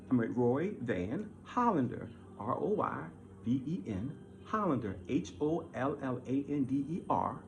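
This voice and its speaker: A man delivering a heated, repetitive monologue, swinging from loud outbursts to low mutters. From Baltimore. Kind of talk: ranting monologue.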